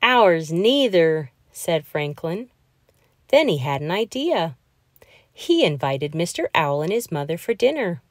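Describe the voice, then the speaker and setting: A woman reading a children's picture book aloud, in a slow, expressive storytelling voice. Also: sits low, dry recording, studio quality.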